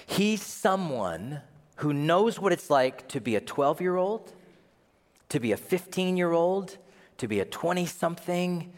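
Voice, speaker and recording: A male pastor preaching a sermon, swinging from hushed to near-shouting. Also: on the high side, big pitch swings, measured pace. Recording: long reverb of a large hall.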